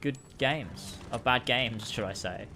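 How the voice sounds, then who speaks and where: A man's voice: medium pitch, measured pace, sharp tone, faint music behind. A young man casually commenting while playing a video game, sarcastic and swearing freely as he rants about its missions. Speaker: gaming streamer. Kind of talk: casual let's-play commentary.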